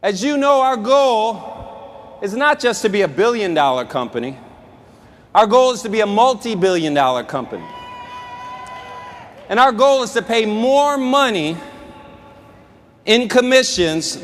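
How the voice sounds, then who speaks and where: A man's voice: high voice, lively intonation, unhurried, long pauses. A man giving a fired-up motivational speech as a sales executive at a company event, out of breath and emphatic. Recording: echoey large hall with music.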